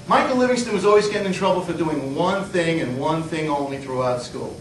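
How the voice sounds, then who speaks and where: A middle-aged man giving a humorous motivational speech, an animated storyteller acting out scenes. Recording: echoey hall, mic far off, low rumble.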